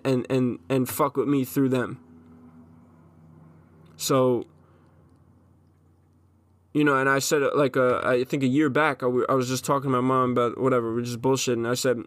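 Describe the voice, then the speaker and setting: Man, 20s, podcast host, unscripted solo rant, intense, profane, frequent restarts, mid-pitched, dry sound. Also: a bit bright, dry recording.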